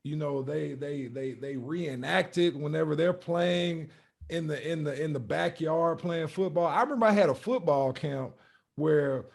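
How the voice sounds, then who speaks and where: A male podcast co-host in casual football chat, swearing freely and leaning on filler phrases. His voice sits a little high for a man. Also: unhurried, creaky. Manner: profane, emphatic, lots of fillers.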